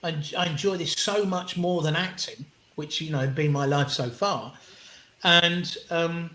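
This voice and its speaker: A middle-aged English man spins anecdotes as an interview guest. He talks in an animated way, restarts his sentences often and swears casually. His voice sits a little high and sounds off the walls of a roomy space. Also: a little slow. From England. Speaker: guest comedian. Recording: roomy echo.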